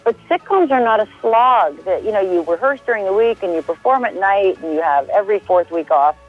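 A woman's voice: medium pitch, expressive, brisk, faint music behind. A woman calling in to a radio show as the guest, chatty and upbeat. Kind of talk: phone interview. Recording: tinny phone line.

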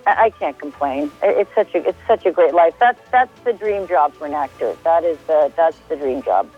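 A woman's voice: sits low, expressive, normal speed, breathy edge, faint music behind. A woman calling in to a radio show as the guest, chatty and upbeat. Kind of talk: phone interview. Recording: tinny phone line.

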